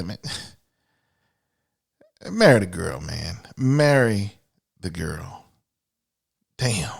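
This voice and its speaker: Podcast host guy, real slow talker, blunt n cussing, keeps restarting his sentences. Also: lowish voice, vocal fry, breathy edge. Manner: blunt, profane, repeats words when starting sentences. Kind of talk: casual podcast monologue.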